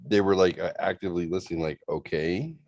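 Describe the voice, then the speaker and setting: Very low-voiced teasing speaker. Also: moderate pace, dry recording, lo-fi sound. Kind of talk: casual chat.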